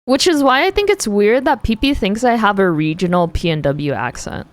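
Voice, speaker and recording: A woman's voice: mid-range voice, lively intonation, normal speed, no echo. An American woman streaming, chatting casually with viewers, curious and playful, often laughing. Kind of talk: casual chat with viewers while drawing.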